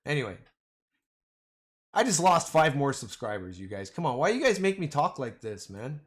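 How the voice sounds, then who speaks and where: A man's voice: on the high side, very animated, normal speed, a bit bright. A man hosting a casual livestream, rambling and joking, often calling his viewers "man" and "boys". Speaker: livestream host.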